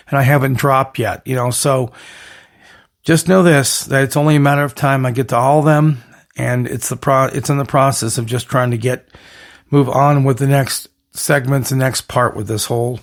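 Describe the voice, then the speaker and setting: A podcast host with a medium-pitched voice rambles through an energetic monologue on his own show, piling up catchphrase lists and restarting his sentences.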